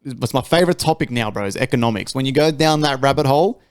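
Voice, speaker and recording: Animated, swearing Australian man ranting. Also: fast talker. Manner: animated storytelling, swears freely, big pitch jumps when ranting. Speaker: podcast co-host. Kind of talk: casual chat.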